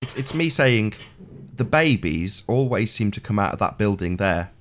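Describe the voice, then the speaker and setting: Brief: very deep man, lively panelist, trips over words when keen. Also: moderate pace, a little hiss or hum. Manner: animated, stammers when excited. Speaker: panelist on a live debate stream. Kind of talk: casual online chat.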